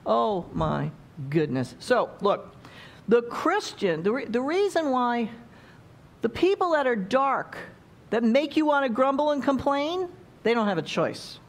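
A woman's voice: a little high, animated, measured pace. A woman preaching a sermon in a conversational way, often checking in with the congregation by asking questions.

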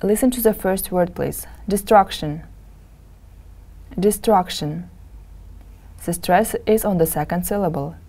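In a TV English lesson, a woman whose voice is low and mellow pronounces every word deliberately. She repeats each one for learners to imitate, keeping the drills slow and careful.

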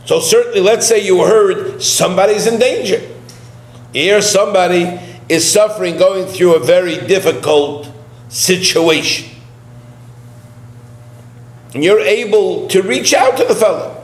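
A male rabbi giving a sermon-style lesson, emphatic and full of rhetorical questions, who tells a personal story with animated retelling. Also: sits high, a little slow, long pauses. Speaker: rabbi teaching a weekly lesson. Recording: roomy with a faint hum.

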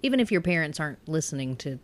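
A woman guest on a podcast, speaking in a halting way and correcting herself as she goes. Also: sits low, big pitch swings, a little hiss or hum. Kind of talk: casual interview chat.

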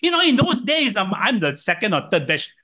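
An older man with a Singaporean English accent preaching a sermon, telling stories and swinging from loud to soft. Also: high voice, sing-song, a little fast. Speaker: pastor.

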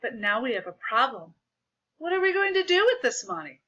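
A woman's voice: on the high side, very animated, fairly quick, bright, forceful tone, voice pushed up, full character voice. A woman voicing a cheery male school principal in a storybook read-aloud, in a dull lo-fi recording. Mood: upbeat.

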